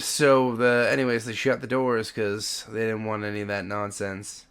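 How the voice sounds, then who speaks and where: A man's voice: lowish voice, level tone, normal speed, a bit bright, smooth. A man running a tabletop game as game master, narrating casually with lots of fillers.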